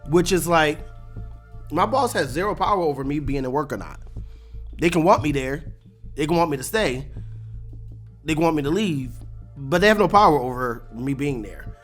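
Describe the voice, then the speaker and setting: A host giving a casual, animated breakdown of a TV episode, laughing often and acting out lines. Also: mid-range voice, normal speed, long pauses, soft background music. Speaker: show recap host.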